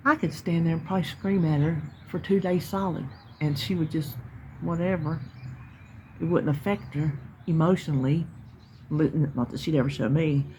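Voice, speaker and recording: This vlogger is a middle-aged North Carolina woman whose Southern accent colors a casual, rambling, folksy chat with viewers from her yard. She speaks in a deep, warm voice at normal speed, with slight background noise and birdsong.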